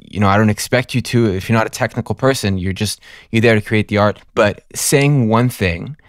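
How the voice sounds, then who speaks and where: A man's voice: fairly low pitch, dry recording, clean studio sound. A man who works as a music producer, a guest on a casual podcast, complaining emphatically and with some exasperation.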